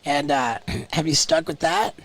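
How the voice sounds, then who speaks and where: A man's voice: on the high side, unhurried, vocal fry, fairly bright tone. A man hosting a podcast, enthusiastic and casually profane, calling his guest "dude". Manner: enthusiastic, swears casually, says "dude" often. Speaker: podcast host.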